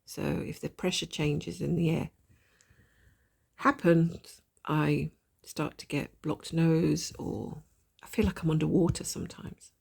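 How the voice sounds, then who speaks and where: A woman with a gravelly voice and a blocked nose from a cold, chatting casually and thinking aloud while she stitches, with a self-deprecating manner. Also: deep voice, fairly even intonation, measured pace, a little mellow. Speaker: cross-stitch vlogger. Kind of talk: casual stitch-along chat.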